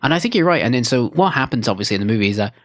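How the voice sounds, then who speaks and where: A man's voice: medium pitch, animated, rapid-fire, fairly bright tone, no room sound, studio quality. A man co-hosting a podcast, chatting casually and acting out movie lines in a raised voice. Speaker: podcast co-host. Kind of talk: casual chat.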